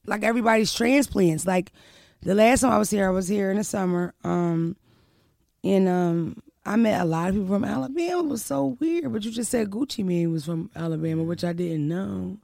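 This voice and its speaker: Brash, gravelly-voiced woman podcast host. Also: medium pitch, moderate pace, no room sound, studio quality. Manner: loud, profane, animated banter. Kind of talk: casual podcast chat.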